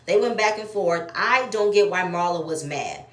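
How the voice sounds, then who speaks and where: A woman's voice: on the low side, animated, normal speed, fairly bright tone. A woman giving blunt, profane, opinionated commentary while she reviews a reality show episode. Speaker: reality TV recap host. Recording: echoey room.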